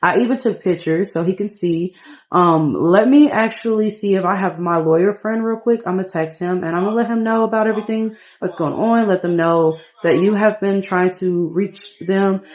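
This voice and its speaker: A woman voicing a caring female lawyer friend in a life-sim game, speaking in a brisk, reassuring way. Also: medium pitch, a little mellow, lightly acted, poor audio.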